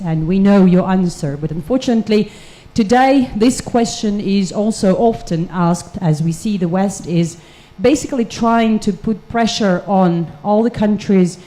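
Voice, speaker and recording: A woman journalist asks a long question at a press conference, laying out each part clearly. Her voice is mellow. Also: mid-range voice.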